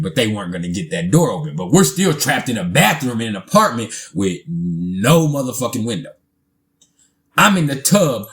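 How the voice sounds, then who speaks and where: A man, telling a casual storytime, animated, laughing often and swearing freely. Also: mid-range voice.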